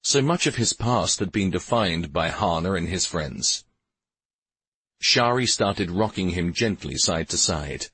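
A man narrating a fantasy audiobook in a measured, even reading. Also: low voice, husky, no echo. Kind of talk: scripted narration.

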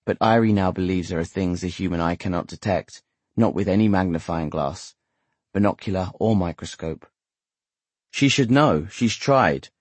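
Husky, low-voiced male audiobook narrator. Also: moderate pace, no echo.

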